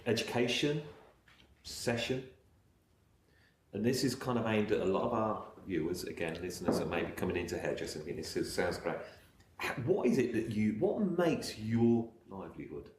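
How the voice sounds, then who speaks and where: A man hosting a casual interview, asking halting, enthusiastic questions. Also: lowish voice, sing-song, darkish tone. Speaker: podcast host. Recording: echoey room with clear noise.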